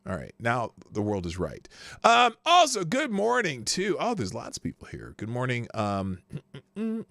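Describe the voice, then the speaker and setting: A man's voice: mid-range voice, wildly swooping pitch, unhurried, gravelly, bright, forceful tone, no room sound, studio quality. A man hosting a live news stream, chatting casually, greeting viewers by name and often trailing off mid-sentence. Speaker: livestream news show host. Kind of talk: casual livestream chat.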